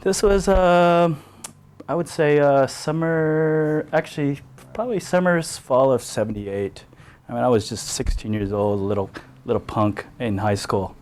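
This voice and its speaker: Man interviewee, amused storytelling, mid pitch. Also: measured pace, darkish tone. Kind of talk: documentary interview recollection.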